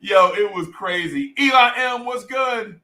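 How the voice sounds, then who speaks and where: Unhurried and high-voiced, a male livestreamer relates a story in an animated way, doing voices and reading out what people type in chat. The audio is poor.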